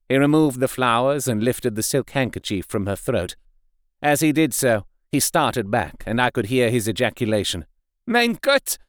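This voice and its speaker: A man giving a measured, expressive audiobook narration. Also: mid-range voice, clear, resonant tone, no room sound, clean studio sound.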